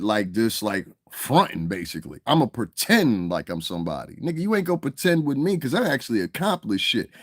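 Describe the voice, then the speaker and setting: Middle-aged man, mid-pitched voice, fiery profane vlog rant, dry close sound. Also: no echo. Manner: heated, profane, emphatic, repeats "you understand what I'm saying". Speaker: commentary vlogger. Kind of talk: profane ranting commentary.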